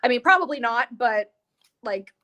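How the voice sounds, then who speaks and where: A woman's voice: on the high side, animated, moderate pace, bright, forceful tone. A woman co-hosting a podcast, chatting casually about a film with lots of laughs, acting out characters' lines. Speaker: podcast co-host. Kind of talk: casual film review chat.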